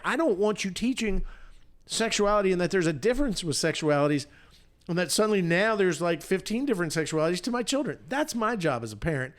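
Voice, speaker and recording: A man co-hosting a podcast, delivering a blunt, fiery political rant full of profanity. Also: high-pitched. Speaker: podcast co-host.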